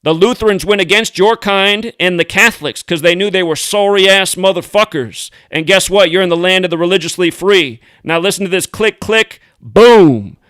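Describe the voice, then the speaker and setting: Brief: American man hosting a profane, combative rant vlog; high, sharp voice, smooth and dry. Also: brisk, hardly any pauses, no echo. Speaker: host. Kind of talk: ranting video commentary.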